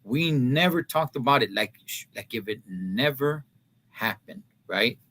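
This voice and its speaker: A man, hosting a live talk stream in a casual, heartfelt way, halting with many fillers and restarts and dropping to a soft voice. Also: mid-range voice, expressive, a little hiss or hum.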